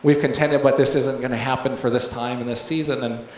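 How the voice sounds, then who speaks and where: A man's voice: mid-range voice, fairly even intonation, fairly quick, a little mellow. A man giving a rambling testimony in a sermon, with many fillers and restarts, often laughing as he tells it. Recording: very echoey room, faint background noise.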